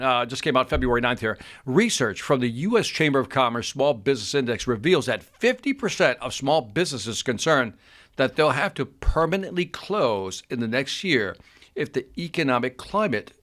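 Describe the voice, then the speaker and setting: A man's voice: mid-range voice, a bit bright. A man co-hosting a casual chat who reads out figures and reacts to them, repeating his words as he gets going. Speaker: co-host.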